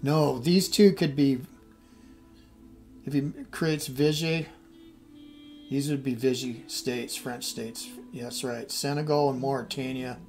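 A man's voice: medium pitch, steady tone, slow pace, long pauses, a little mellow, soft background music. A middle-aged man thinking aloud as he plays a strategy game, muttering and trailing off. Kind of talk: casual game commentary.

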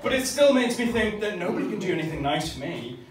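A man's voice: sits high, very animated, fast talker, far from the mic. A young man doing a stand-up set, swearing constantly and laughing at his own jokes, a bit tipsy. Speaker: stand-up comedian. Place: small comedy club. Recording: echoey club recorded from afar with crowd. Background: laughing crowd.

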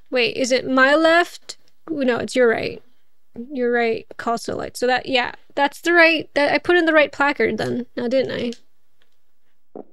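A woman's voice: sits high, moderate pace, a bit bright, clear, resonant tone, no echo, clean studio sound. A woman streaming a game, chatting casually as she plays, thinking aloud and laughing often. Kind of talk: casual gameplay commentary.

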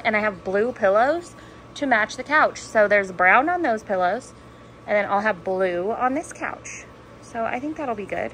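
A woman's voice: medium pitch, fairly bright tone, slight background noise, rough recording. A woman vlogging casually about her day, a mom rambling through stories with lots of "like" and "freaking". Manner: rambling, breathless storytelling with "like" and "freaking". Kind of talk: casual chatty vlog. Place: home, car and store.

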